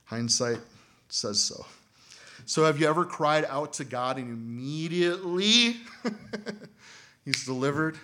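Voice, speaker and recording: A man preaching to his congregation in a loose, talky way, with his voice sitting at an ordinary middle pitch. He laughs lightly between lines and gets loud and animated whenever he acts out what people say. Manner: conversational, laughs often, acts out quoted voices loudly. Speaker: pastor. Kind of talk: sermon.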